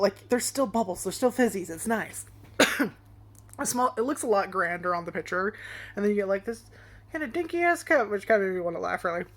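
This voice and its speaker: A young woman rambles through a casual storytime vlog in a middle-pitched voice. She swears freely and laughs along the way. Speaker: vlogger.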